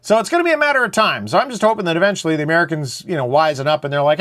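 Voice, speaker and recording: A man's voice: fairly high pitch, expressive, very fast, hardly any pauses, a bit bright. A man, hosting a casual, opinionated monologue in a blunt, rambling way. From Canada. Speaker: show host.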